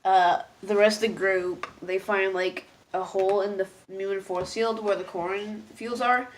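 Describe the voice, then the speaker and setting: A woman's voice: medium pitch, steady tone, unhurried, slight background noise. A woman casually reviewing cartoon episodes, rambling and hesitant, full of fillers, and laughing at herself as she gets easily moved.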